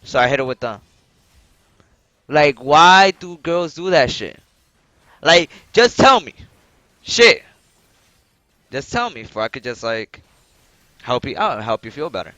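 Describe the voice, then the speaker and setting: A young man tells a story on a live stream in a bright voice with a lively, swinging pitch, swearing freely and laughing along. The sound is dry and a bit dull, as from a desk mic. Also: measured pace, long pauses, dry recording. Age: young adult. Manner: animated, profane, laughs while telling.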